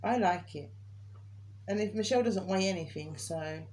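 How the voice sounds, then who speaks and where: A woman's voice: on the low side, moderate pace, a little mellow, slight background noise. A woman vlogger in casual chat, talking and laughing often. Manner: chatty, laughs often, quotes others in raised voice.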